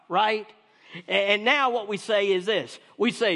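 A male pastor delivers a sermon with emphatic, repetitive phrasing. His voice sits high for a man. It rings with the long reverb of a church hall. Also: moderate pace, bright, forceful tone.

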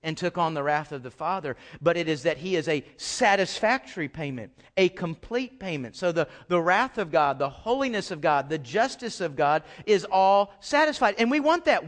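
A male pastor preaching a sermon in an animated way, acting out pleading voices as he goes. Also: sits high, moderate pace, few pauses.

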